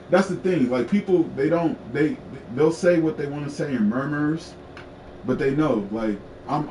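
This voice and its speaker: A man's voice: fairly high pitch, a little mellow, a little hiss or hum. A man telling his story in a frank, profane casual rant, repeating himself for emphasis. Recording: echoey room, mic at a distance, faint ambience.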